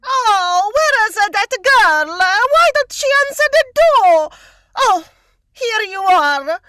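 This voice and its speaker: Woman reading huffy pompous housekeeper, high lively voice, bright. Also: slow pace, no echo, studio quality, full character voice. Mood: indignant. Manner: huffy, self-important scolding. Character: pompous indignant middle-aged housekeeper woman. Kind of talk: script read-through.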